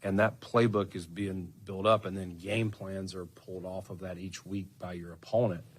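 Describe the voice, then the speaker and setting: A man speaking at a press conference, explaining his team's approach in a measured way. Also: deep voice, level tone, husky.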